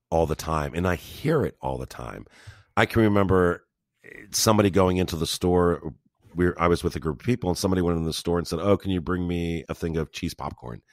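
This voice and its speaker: Man, very low voice, dry close sound, conversational podcast co-host, emphatic. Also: no room sound. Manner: animated, emphatic storyteller. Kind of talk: casual conversational chat.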